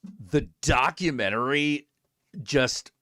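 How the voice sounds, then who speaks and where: A man's voice: mid-range voice, slow pace, no echo, clean studio sound. A man hosting his own stream, chatting casually and telling a story with lots of swearing, acting out both sides of conversations. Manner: animated, profane, acts out both sides of conversations. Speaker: streamer host.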